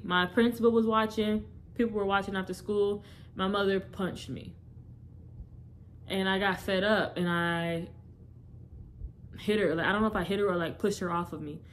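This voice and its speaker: A woman's voice: lowish voice, slight background noise. A young woman candidly telling her personal testimony straight to her viewers, rambling and correcting herself as she goes. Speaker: testimony speaker.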